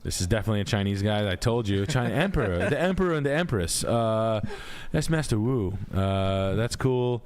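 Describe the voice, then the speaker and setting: This is a man with a fairly low voice doing live-stream commentary. He tosses out crude, profane jokes as he reviews house listings, and his talk is loose, mocking and off the cuff. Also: lively intonation, fairly quick, hardly any pauses, smooth. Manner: crude, joking, profane riffing. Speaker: realtor reviewing house listings, show host.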